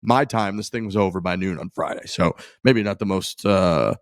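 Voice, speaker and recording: A man co-hosting a golf podcast in relaxed casual chat, wrapping up the episode. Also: deep voice, normal speed, no room sound, clean studio sound. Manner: relaxed, wraps up the show. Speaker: podcast co-host.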